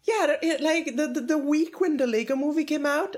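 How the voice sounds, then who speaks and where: A woman's voice: sits high, a little fast, few pauses, darkish tone. A woman co-hosting a podcast in casual chat, rambling with lots of restarts and fillers. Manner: rambling, many "like"s and restarts, giggly. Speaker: podcast co-host.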